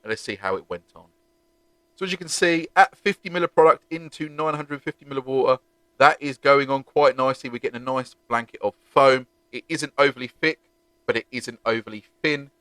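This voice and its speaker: A man's voice: mid-range voice, fairly quick, fairly bright tone, no room sound. A man, chatting animatedly and jokily as he reviews car-cleaning products for his vlog. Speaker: car detailing vlogger.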